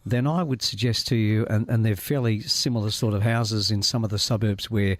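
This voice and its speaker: A man's voice: fairly low pitch, steady tone, brisk, dry recording. Easygoing man telling anecdotes. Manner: anecdotal storyteller, easygoing, chuckles often. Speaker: real estate company chairman, radio guest. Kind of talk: casual radio chat. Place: radio studio.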